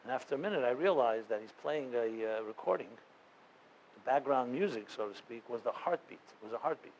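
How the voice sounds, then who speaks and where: A man speaking as a rabbi before a live audience, telling a story with earnest conviction. His delivery is loose and conversational, full of fillers and restarts, and his pitch sits in an ordinary middle range. A faint hiss runs under his voice. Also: lively intonation, fairly quick, a little mellow, lo-fi sound.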